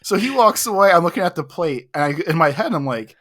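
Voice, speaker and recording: A man's voice: on the high side, expressive, quick pace, fairly bright tone. A young man co-hosting a podcast, telling a long, self-mocking story in a casual, rambling way full of "like". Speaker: podcast co-host.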